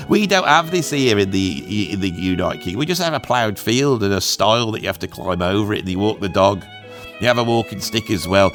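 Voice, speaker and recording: A man's voice: mid-range voice, fairly bright tone. A middle-aged Englishman with an English accent, chatting to camera in a loose, jokey, digressive monologue full of anecdotes. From England. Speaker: YouTube host, drummer. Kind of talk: casual rambling monologue.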